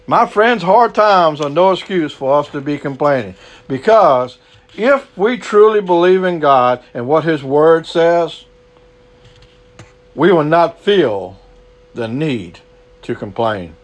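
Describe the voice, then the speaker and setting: A man's voice: a little high, animated, slow pace. A man preaching a sermon, earnest and repetitive, stretching words for emphasis.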